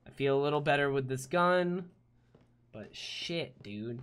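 A man giving live gameplay commentary as a let's play gamer, jumpy and swearing often with loud startled outbursts. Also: on the high side, measured pace, smooth.

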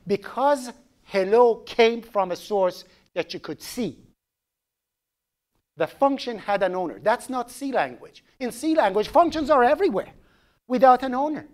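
A man with a Persian accent lecturing a classroom on programming. He jumps up and down in pitch as he jokes and quizzes his students, with a lively, conversational delivery. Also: unhurried. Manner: animated, joking, asks the class questions. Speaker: programming instructor.

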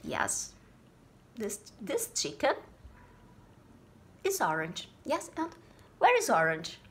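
A woman teaching English to small children, slowly repeating simple words and making animal sounds. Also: medium pitch, very animated, a bit bright. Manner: slow, sing-song, repeats words, makes animal sounds. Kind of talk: slow, simple classroom lesson for small kids.

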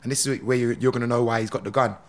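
A middle-aged man, a podcast guest telling stories in a lively, slangy way with laughs between lines. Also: medium pitch, rapid-fire. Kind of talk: animated storytelling.

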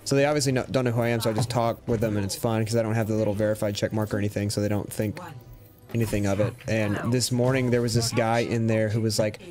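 A man's voice: fairly low pitch, flat delivery, fast talker, over music. A young man chatting casually while livestreaming a game, telling stories and mimicking chat users. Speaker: streamer.

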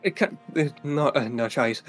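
A man's voice: medium pitch, normal speed, soft background music. A man playing a tabletop game, talking casually and hesitantly, with many fillers and restarts. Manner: hesitant, full of fillers, slips into accents. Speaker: player.

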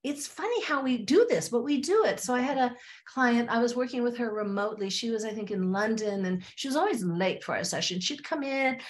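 Animated woman therapist telling stories. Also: on the high side, fairly quick. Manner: animated, acts out client dialogue. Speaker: guest therapist. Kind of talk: storytelling in a podcast interview.

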